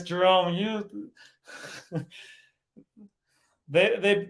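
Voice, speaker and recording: A man with a high-pitched voice hosts a casual livestream, speaking slowly and pausing often. He's giggly, laughing a lot and breaking off mid-sentence as he stumbles over reading the chat.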